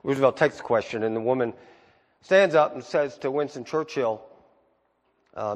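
A man preaching a sermon as pastor, moving from low asides to high, emphatic peaks. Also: moderate pace, pauses often, long reverb tail.

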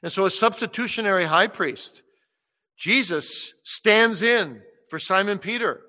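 A male preacher delivers a fervent sermon in a somewhat high, bright and forceful voice. He swells to loud, slow declarations and sinks to hushed pleading. The sound carries a long reverb from a large hall. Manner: impassioned, swells loud on quoted words of Jesus and drops soft on pleading.

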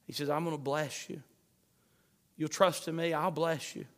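A man preaching a sermon, fervent, swinging between shouts and hushed pleading. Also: on the high side, fairly even intonation, moderate pace. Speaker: pastor. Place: church sanctuary. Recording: long hall reverb.

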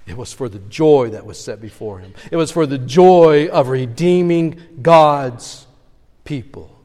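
A man's voice: mid-range voice, expressive, unhurried, dark tone. A man preaching a sermon as pastor, earnestly retelling scripture scenes in expository style. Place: church sanctuary. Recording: long church reverb.

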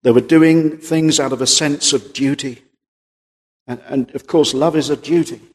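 Husky-voiced preacher in a reverberant hall. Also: male voice, on the high side, steady tone, moderate pace. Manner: earnest, emphatic, quotes King James scripture. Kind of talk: sermon. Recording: long reverb of a large hall.

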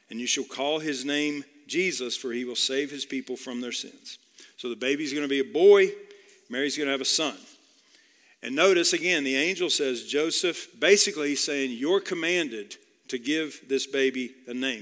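A male pastor preaching with earnest conviction, repeating his key phrases and turning to address listeners directly. His voice is bright and sharp, sitting a little high for a man. It rings out with the long reverb of a large hall. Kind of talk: sermon.

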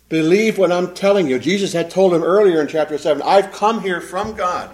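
A man preaching a sermon, reading scripture aloud with rising force and dropping to a low, quiet voice for his own asides. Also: expressive. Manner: swells loud and slows when reading scripture, drops low and quiet on asides. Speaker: pastor.

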